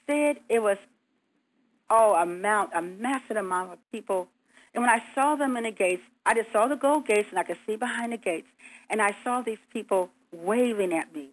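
A woman telling her story in an earnest, vivid way, voice at an ordinary middle pitch. She acts out her own pleas as she goes. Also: poor audio. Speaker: guest. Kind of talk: recounting a near-death experience.

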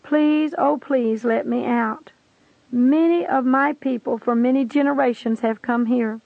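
A woman's voice: fairly high pitch, measured pace, gravelly, no room sound. A woman voicing a tormented woman pleading desperately to be let out of her cell. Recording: dry, tinny phone-like sound.

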